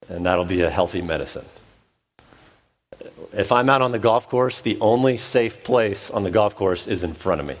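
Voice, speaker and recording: Pastor, male, lowish voice, relaxed conversational sermon delivery with humor and stumbling restarts. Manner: conversational with self-deprecating humor; frequent restarts and fillers. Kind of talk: expository sermon. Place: church.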